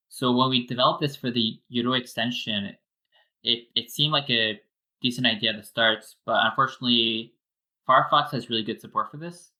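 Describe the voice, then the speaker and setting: A man's voice: on the low side, pushed and bright, rough recording. A man, a wallet developer, giving a casual technical explanation step by step with many fillers.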